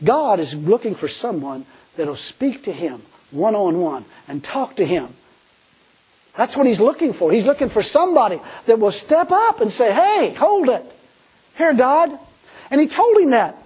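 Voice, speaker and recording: Husky high-voiced preacher. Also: male voice, big pitch swings, normal speed, a little mellow, highs cut off. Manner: colloquial, laughs at own jokes, acts out quoted pleas. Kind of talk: folksy sermon.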